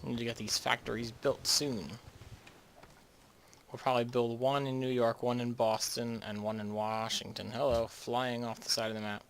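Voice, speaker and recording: A man's voice: mid-range voice, level tone, normal speed, vocal fry, a little hiss or hum. A young man from the northeastern United States, rambling and chatty with many restarts as he narrates his game. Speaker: gamer. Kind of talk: casual game commentary.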